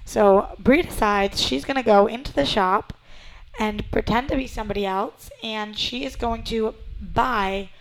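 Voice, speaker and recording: A woman's voice: fairly high pitch, unhurried, a little hiss or hum, poor audio. A young woman co-hosting a casual TV recap chat, chatty and fond of rhetorical questions. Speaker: podcast co-host.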